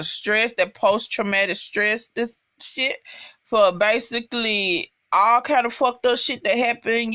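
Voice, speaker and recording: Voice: mid-range voice, sharp tone, clean tone. A young adult recapping a TV episode in a casual, profane, emphatic way, talking straight to viewers.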